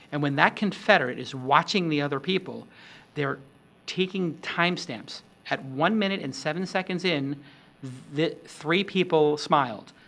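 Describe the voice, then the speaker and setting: A middle-aged man hosting a talk on product demos, animated and acting out example pitches with shifting tone. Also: creaky. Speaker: host. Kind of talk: instructional talk on startup demos.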